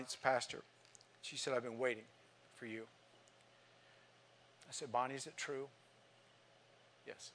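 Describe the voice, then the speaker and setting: A man's voice: fairly high pitch, fairly bright tone. An older man, a pastor, telling an emotional story in a sermon, acting out the lines of the people in it. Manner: earnest, emotional storytelling with quoted dialogue.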